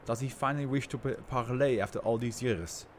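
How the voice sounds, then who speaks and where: A man's voice: medium pitch, a little fast, slight background noise, natural voice. A man voicing an arrogant male tycoon who is a brain in a jar, speaking in a grandiose, contemptuous way. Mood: haughty.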